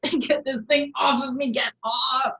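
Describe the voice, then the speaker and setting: A woman's voice: fairly low pitch, fairly even intonation, normal speed, a bit bright, natural voice. A woman reading the part of a scared young man chained up in a grim bathroom, sullen at first and then panicky and swearing, in an amateur table read. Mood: panicked.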